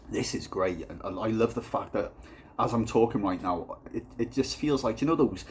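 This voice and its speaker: Low-voiced guy rambling and swearing through a beer review, deadpan. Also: a little hiss or hum. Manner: rambling, profane, deadpan storytelling. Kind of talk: casual comic vlog.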